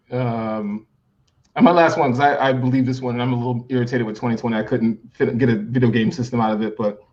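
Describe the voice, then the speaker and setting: A man's voice: mid-range voice, darkish tone. A man from New Jersey, a podcast guest chatting casually and laughing often between his remarks. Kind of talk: casual chat. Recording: dull lo-fi audio.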